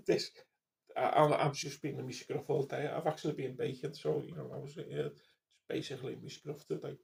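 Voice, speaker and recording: A man's voice: on the high side, moderate pace, vocal fry, darkish tone. A man in his fifties, rambling casually, swearing and restarting his sentences. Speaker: vlogger.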